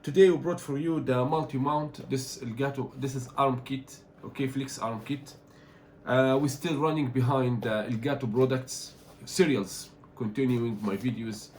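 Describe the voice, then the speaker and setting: A man from Egypt, not an English speaker, talking through an unboxing as a tech reviewer, animated and complaining in loose phrasing. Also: medium pitch, normal speed, a little hiss or hum. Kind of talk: casual unboxing vlog.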